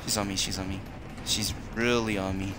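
A man streaming a horror game with live commentary, excitable, swearing and yelling in panic. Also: sits low, a little fast, music in the background. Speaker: gameplay streamer.

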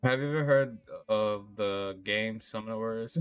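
A man's voice: on the low side, unhurried, clear, resonant tone, soft background music. A young man live-streaming a game, chatting casually with viewers, swearing often, rambling and laughing.

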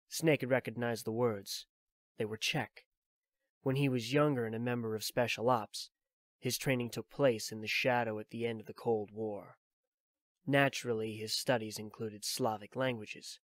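A man reading a novel aloud as an audiobook, in steady, plain storytelling. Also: medium pitch, moderate pace, dry recording, clean studio sound. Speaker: audiobook reader.

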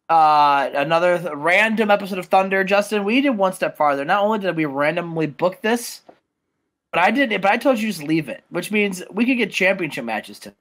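A man's voice: high-pitched, brisk. A young man co-hosting a video game show, hyped and jokey. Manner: excitable, hyped. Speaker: game co-host. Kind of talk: let's-play commentary.

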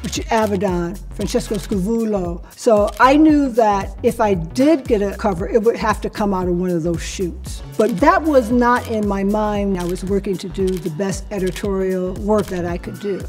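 A woman in her sixties telling her own career story to camera, lively and acting out the people in it. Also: mid-range voice, moderate pace, hardly any pauses, faint music behind. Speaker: interviewee recounting her career.

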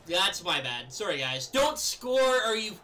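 A young man giving live commentary over his own gameplay, chatting casually and then yelling and laughing at big plays. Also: high-pitched, measured pace, slight background noise. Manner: excitable, yells and laughs at plays. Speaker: gaming video creator.

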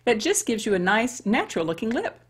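A woman's voice: fairly high pitch, big pitch swings, brisk, breathy edge. A woman over fifty chatting her way through a makeup tutorial and talking straight to women viewers. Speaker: beauty vlogger. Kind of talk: casual makeup tutorial chat.

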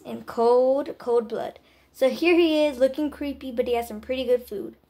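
A woman's voice: sits high, normal speed, warm tone. A woman vlogger chatting casually and joking playfully with slang while showing items from a haul. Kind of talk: casual haul video chat.

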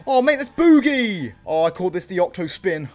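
Young british guy yelling through a game, voice jumps all over the place, a bit high, faint music under it. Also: normal speed. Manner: excitable, swears, calls viewers boys and bro. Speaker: gaming youtuber. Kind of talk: let's play commentary.

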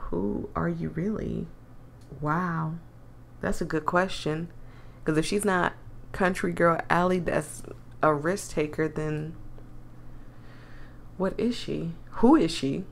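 A woman's voice: fairly low pitch, slow, gravelly, pauses often, slight background noise. A woman YouTuber, reading a story game aloud with giggly, chatty, self-deprecating reactions. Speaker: gaming YouTuber. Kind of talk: let's-play narration with reactions.

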